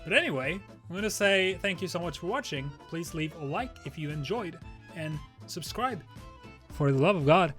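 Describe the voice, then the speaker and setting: A man's voice: a little high, lively intonation, a bit bright, soft background music. A young man reading a story aloud and commenting with wry reactions. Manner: wry, quick reactions and laughs.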